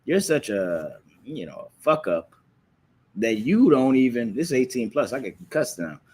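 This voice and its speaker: A man's voice: mid-range voice, big pitch swings, a little slow, a little mellow, husky. Man preaching a scolding live class. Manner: rhetorical questions, repeats phrases for emphasis. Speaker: religious class teacher. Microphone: streaming live from a phone or computer.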